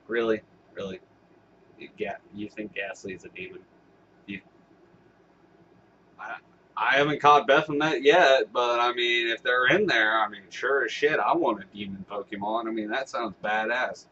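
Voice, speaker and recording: A man's voice: mid-range voice, normal speed, pauses often, bright, forceful tone, highs cut off, slight background noise. A man talking casually to camera as a vlogger, rambling and swearing with laughing asides. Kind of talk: casual vlog commentary.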